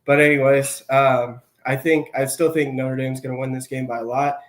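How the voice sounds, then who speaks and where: A man co-hosting a casual sports show, giving his picks in a relaxed, measured way with some hesitations. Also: medium pitch. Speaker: co-host.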